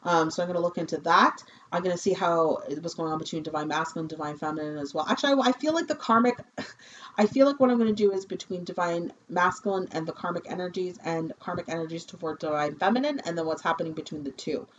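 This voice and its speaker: A woman's voice: lowish voice, quick pace. A woman giving a spiritual tarot reading, effusive and chatty, calling viewers "my loves" and checking in with "okay?". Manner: effusive, addresses viewers as "you guys" and "my loves", tags lines with "okay?". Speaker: shaman and tarot card reader. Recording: muffled lo-fi recording with faint hiss.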